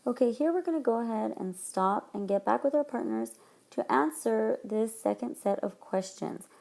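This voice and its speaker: A woman teacher talks through a recorded lesson in a clear, explanatory way, her voice carrying a gravelly edge. She speaks into a tablet microphone. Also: a little high, animated, moderate pace, a little mellow. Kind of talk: recorded classroom lesson narration.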